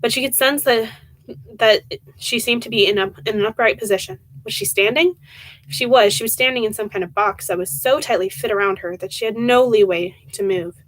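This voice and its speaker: A young woman reading a horror book aloud on a live stream, softly and with feeling, often stumbling and restarting words. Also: on the high side, brisk, no echo, poor audio. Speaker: reader of horror books.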